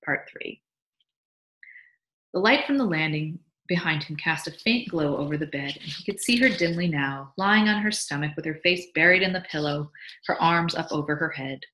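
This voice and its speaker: A woman teacher reading a short story aloud to a class, animated, with small restarts and asides. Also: low-pitched, a little fast, rough recording. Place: classroom or school library.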